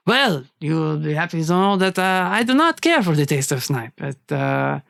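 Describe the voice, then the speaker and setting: A game master voicing a falsely polite male hunter villain with a French accent, speaking slowly and smoothly. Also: medium pitch, expressive, a bit bright, dry recording, clean studio sound. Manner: slow, falsely polite, drawn-out purring.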